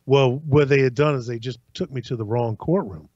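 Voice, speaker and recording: A man casually telling a long personal story on a podcast, acting out other people's lines in an animated way. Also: mid-range voice, brisk, no room sound. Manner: animated, acts out voices in anecdotes. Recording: dry, slightly dull sound.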